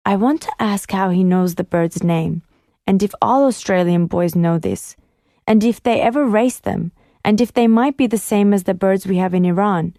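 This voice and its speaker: A woman calmly narrating a first-person audiobook in a measured way. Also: medium pitch, no room sound, studio quality.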